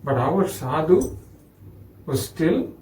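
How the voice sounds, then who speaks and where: Animated storytelling man with Indian English accent. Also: a little high, slow, reverberant, distant mic, low-quality recording. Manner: animated storytelling with acted quotes. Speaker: spiritual speaker. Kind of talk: storytelling discourse.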